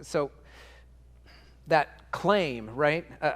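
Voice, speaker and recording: A man's voice: fairly high pitch, animated, extremely slow, fairly bright tone, big-room sound. A man preaching a sermon in church, earnest and emphatic, stacking up repetitions and restarting phrases as he works through a thought. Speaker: pastor.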